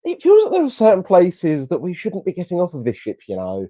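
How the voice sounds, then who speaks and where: A man's voice: high-pitched, huge pitch swings, a little fast, mellow, no echo. A young man improvising a comedic travel story as co-host, playful and laughing often. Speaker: podcast co-host.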